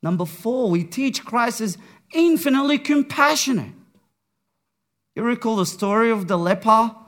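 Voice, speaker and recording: A man preaching a sermon, with a slow, dramatic delivery that swings from hushed to raised. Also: extremely high pitch, animated.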